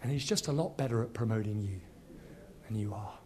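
A man from Nigeria preaching a sermon, telling a story quickly and animatedly, then dropping to quiet, earnest exhortation. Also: lowish voice, a little hiss or hum.

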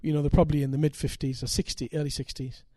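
An older man preaching, his voice sitting a little high for a man and recorded close and dry. He tells stories with animation, climbing to loud, emphatic peaks. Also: flat delivery, rapid-fire, dry recording. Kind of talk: sermon with storytelling.

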